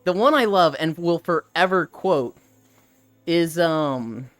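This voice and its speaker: Smooth-voiced streamer chatting while walking. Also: mid-range voice, expressive, slow pace, a bit bright, no room sound, faint music behind. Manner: rambling, laughing, swears casually. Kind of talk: casual chat with live stream viewers. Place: outdoors walking.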